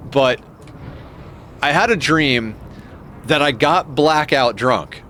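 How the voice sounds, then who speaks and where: A man's voice: mid-range voice, takes it slowly, sharp tone, a little hiss or hum. A man streaming a game live who rambles in casual, profane commentary, chuckling often as he talks into a desk microphone.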